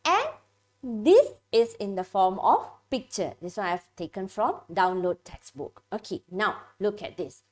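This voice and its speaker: A woman's voice: mid-range voice, sing-song, measured pace, darkish tone. A female English teacher from Malaysia gives an exam-prep lesson and checks in with "okay" and "right".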